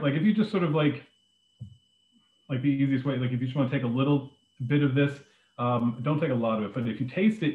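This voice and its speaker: A man teaches a live online class on making a drink, talking loosely and filling pauses with ums and uhs. His voice sits at an ordinary pitch. It comes through a narrow, phone-like line with a roomy echo behind it. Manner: relaxed, many ums and uhs, loose explanations. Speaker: beverages director teaching a cocktail class. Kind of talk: live online cooking demonstration. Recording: echoey room over a phone-like line.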